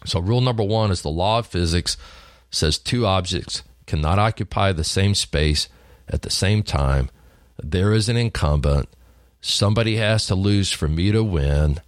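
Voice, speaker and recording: A man's voice: sits low, moderate pace, no room sound, studio quality. A middle-aged man with a Texan accent, a sales trainer telling stories in a folksy, emphatic way. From Texas. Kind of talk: storytelling sales talk.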